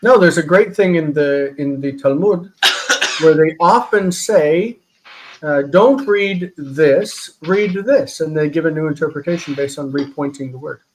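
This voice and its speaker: Man, grammar teacher, live online class, slightly high voice, faint background noise. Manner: explains patiently, reads Hebrew aloud quickly.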